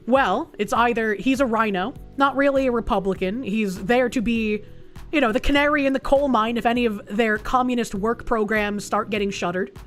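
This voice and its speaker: A woman's voice: a little high, fairly bright tone. Sarcastic, foul-mouthed woman streamer. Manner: sarcastic, blunt, profane. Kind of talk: reading an article aloud and reacting.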